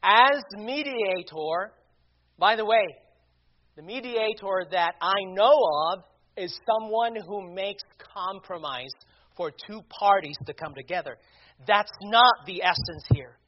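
A man preaching a sermon, deliberate and emphatic, asking rhetorical questions. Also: high voice, a little hiss or hum. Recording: dull lo-fi recording.

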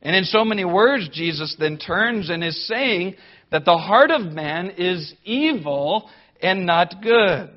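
High-voiced guy preaching slow and emphatic, kinda dull lo-fi sound. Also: lively intonation. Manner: emphatic, deliberate preaching with rhetorical lists. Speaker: pastor. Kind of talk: sermon.

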